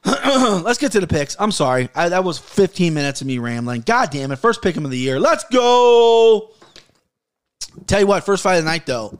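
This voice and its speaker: Man, 30s, podcast host, heated and profane, rambling delivery, voice a bit high. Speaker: podcast host giving fight picks. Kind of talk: casual podcast rant and betting picks.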